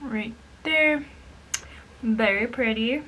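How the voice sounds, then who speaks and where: A woman's voice: on the high side, drawn-out words, pushed and bright, a little hiss or hum. A young woman telling a story in a casual, chatty way while doing her makeup, swearing freely and slipping in Spanish phrases. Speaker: beauty vlogger.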